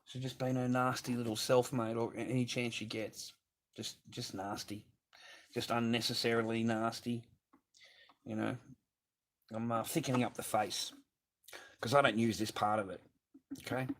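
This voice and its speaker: A man's voice: medium pitch, level tone, normal speed, pauses often, a bit bright. A middle-aged man chatting casually on a livestream while making masks, ranting and swearing with bursts of laughter. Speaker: livestreaming mask artist.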